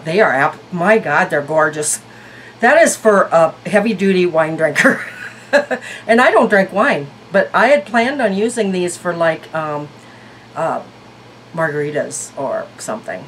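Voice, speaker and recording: A woman's voice: on the low side, a little hiss or hum, rough recording. A woman reviewing beauty products in a casual vlog, chatty and thinking aloud. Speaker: beauty vlogger.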